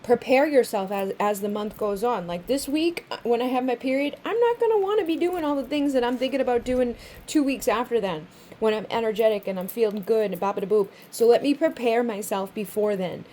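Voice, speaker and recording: A woman talks through a tarot reading in a loose, chatty way. Her voice is mellow and warm, never sharp. She swears freely and slips into little acted-out quotes, over a faint room hum. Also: on the high side, a little fast. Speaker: tarot reader. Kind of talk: casual spoken tarot reading.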